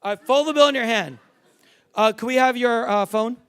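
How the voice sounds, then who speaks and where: A man's voice: extremely high pitch, moderate pace, fairly bright tone, clean tone. A middle-aged man performing live stage magic in a theater, bantering with the crowd in a brash, joking, swearing way. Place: large theater stage before a live audience.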